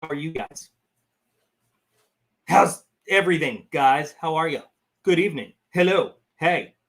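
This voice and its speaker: A man's voice: fairly high pitch, lively intonation, measured pace, fairly bright tone. A man hosting a casual live stream, chatting loosely to his viewers and rambling between topics. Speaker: channel host.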